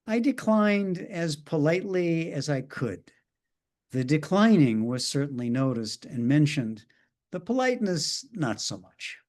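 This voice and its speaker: A man's voice: fairly high pitch, very animated, a little slow, darkish tone. A middle-aged male minister telling a story in a sermon, with dry, wry asides.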